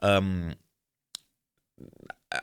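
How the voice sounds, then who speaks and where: Frustrated man with a low voice, rambling candidly. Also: little pitch movement, drawn-out words, a little hiss or hum. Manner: frustrated, earnest. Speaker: YouTuber recounting a story to camera. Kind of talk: casual storytelling monologue.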